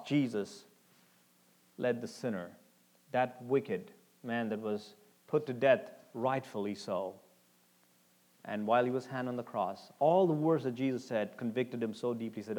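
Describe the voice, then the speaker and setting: A man preaching a sermon, reading scripture slowly and shifting between loud, emphatic lines and hushed, quiet ones. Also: mid-range voice. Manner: reads scripture slowly and deliberately. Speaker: pastor.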